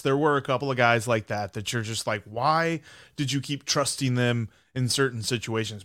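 A man's voice: fairly high pitch, a bit bright, no room sound, studio quality. Analytical male podcast co-host. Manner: thoughtful, analytical, stammering restarts. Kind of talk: casual sports talk.

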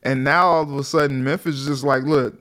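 A man co-hosting a casual sports talk show, lively and acting out what players and fans might say. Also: mid-range voice, quick pace. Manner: animated, acts out quotes of players and fans. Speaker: co-host.

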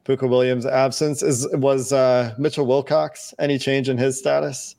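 A man's voice: mid-range voice, flat delivery, moderate pace, gravelly, a little mellow. Male podcast host, casual chat, steers the talk. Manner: steers the talk, asks questions, signs off the show.

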